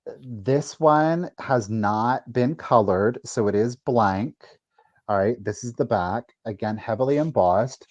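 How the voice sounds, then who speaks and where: A man's voice: mid-range voice, slow, darkish tone, no echo. A man hosting a live sale, carefully describing each item in detail. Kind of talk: livestream sales pitch. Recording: dull, dry lo-fi sound.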